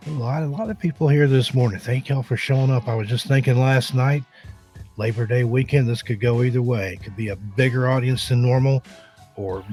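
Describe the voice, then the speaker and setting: Laid-back man hosting a live show. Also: mid-range voice. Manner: relaxed, greets viewers one by one. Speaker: host. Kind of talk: casual live-stream chat.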